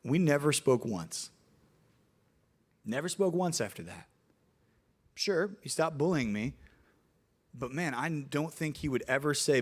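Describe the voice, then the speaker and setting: A young man, preaching to middle schoolers in an animated storytelling way. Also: a little high, a little slow, pauses often. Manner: animated storytelling, acts out voices in anecdotes. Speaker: youth pastor.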